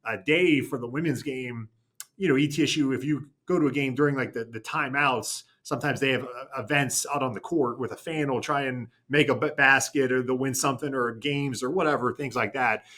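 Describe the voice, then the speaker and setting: Bright-sounding guy rambling thru a story, lots of uhs and restarts. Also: mid-range voice, brisk. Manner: rambling, self-correcting storytelling. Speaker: TV news anchor. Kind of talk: casual chat.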